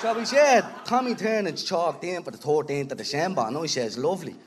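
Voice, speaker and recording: A man co-hosting a live podcast, loud and jokey, swearing and laughing often as he talks to the audience. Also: fairly high pitch, expressive, fairly quick. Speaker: podcast co-host. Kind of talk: live podcast banter on stage. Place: live venue before an audience. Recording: live room with crowd noise.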